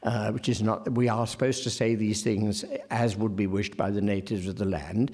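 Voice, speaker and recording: A male literary scholar giving an academic lecture in a wry, digressive way, with frequent ums and self-corrections, slowing down to carefully sound out example words. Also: fairly low pitch, fairly even intonation, a little mellow.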